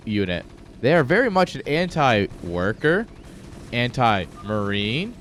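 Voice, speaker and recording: On a live stream, a male esports caster covers a strategy game, drifting off-topic and cracking jokes at his own expense with little chuckles. His voice sits in the mid-range with big pitch swings, a measured pace and a slightly bright tone, over slight background noise.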